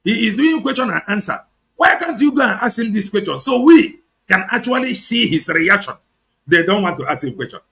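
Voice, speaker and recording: A man's voice: high voice, big pitch swings, a little fast, gravelly, a bit bright. A Nigerian man with an Igbo accent, hosting an online show, giving heated, sarcastic political commentary and switching between English and Igbo. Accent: Nigerian, Igbo-speaking.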